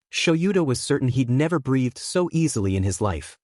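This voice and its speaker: A man reading a fan fiction story aloud in a steady, even narration. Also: mid-range voice, normal speed, dry recording, clean studio sound.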